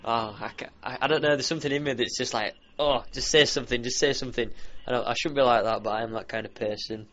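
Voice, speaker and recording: A man's voice: mid-range voice, steady tone, fast talker, hardly any pauses, fairly bright tone. A man with a broad Yorkshire accent, a podcast guest in casual chat, talking freely and laughing often. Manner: chatty, laughs often, mimics voices. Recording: dull lo-fi audio with faint ambience.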